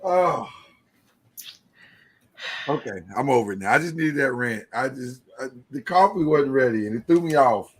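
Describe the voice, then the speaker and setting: A man's voice: mid-range voice, lively intonation, moderate pace, pauses often, husky, poor audio. A tired man co-hosting a podcast, ranting and joking in casual chat. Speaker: podcast co-host.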